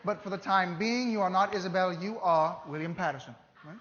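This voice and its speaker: A man's voice: high-pitched, a little fast, fairly bright tone. An actor playing a teasing, theatrical founding-era statesman, coaxing a student audience in a live historical re-enactment. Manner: playful, coaxing, audience-directing. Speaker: costumed performer at an educational show. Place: large hall with a live audience. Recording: dull, echoey hall with faint ambience.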